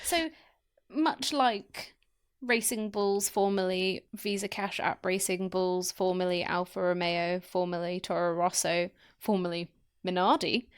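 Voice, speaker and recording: A woman co-hosting a casual podcast, explaining in a steady way with dry asides. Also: fairly low pitch, unhurried, clear, resonant tone. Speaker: podcast co-host.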